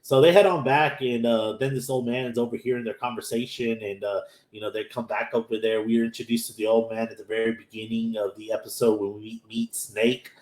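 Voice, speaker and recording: A man's voice: mid-range voice, a little fast, few pauses. Laid-back man recapping anime. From Texas, USA. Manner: relaxed, rambling, acts out characters' lines. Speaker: anime podcast host. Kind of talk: casual episode recap. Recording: echoey room.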